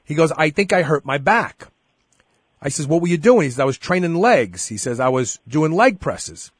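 Telling a story in casual chat, a middle-aged show host acts out the dialogue with animated flair. His voice is on the high side with a breathy edge, at normal speed. The recording is studio quality, with no room sound.

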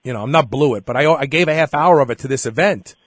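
A man's voice: medium pitch, fast talker, dry recording, studio quality. A middle-aged man hosting a show, telling a story in casual chat and acting out the dialogue. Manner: animated storyteller, acts out dialogue. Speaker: show host.

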